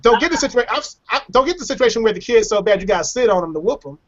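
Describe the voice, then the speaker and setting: A man hosts a casual online hangout and tells his stories with lively flair. He repeats and restarts his words as he builds up to the point. The call audio sounds dull and lo-fi. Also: very high-pitched, racing. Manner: animated storyteller who acts out quotes and repeats words. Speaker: show host. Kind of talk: casual chat on a web hangout. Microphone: webcam or computer mic on a video call.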